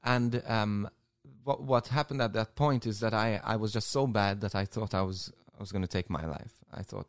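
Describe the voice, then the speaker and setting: Priest with a low voice. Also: male voice, no room sound, studio quality. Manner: emotional, halting storytelling with repeated words. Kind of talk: personal testimony in an interview.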